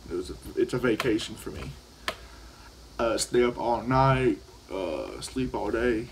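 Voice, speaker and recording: A man's voice: on the low side, animated, measured pace, creaky, background noise. A teenage boy telling a story in a casual vlog, rambling and profane, often restarting his sentences. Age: teens. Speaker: vlogger. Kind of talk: casual storytelling while vaping.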